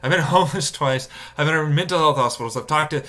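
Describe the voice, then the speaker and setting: A man live-streaming a casual rant, swearing and exasperated, mocking others with sudden high-pitched outbursts. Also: quick pace, sharp tone.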